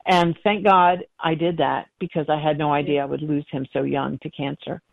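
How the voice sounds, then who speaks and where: A middle-aged woman, a psychic medium, telling stories in an interview, animated and acting out quoted voices with frequent laughs. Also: deep voice, normal speed, gravelly, no room sound. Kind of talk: emotional interview storytelling. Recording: tinny phone line.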